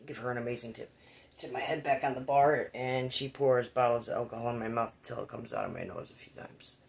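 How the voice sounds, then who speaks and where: Gravelly-voiced man telling a wild story. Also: medium pitch. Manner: rambling, profane, animated voices for quotes. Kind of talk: casual storytelling.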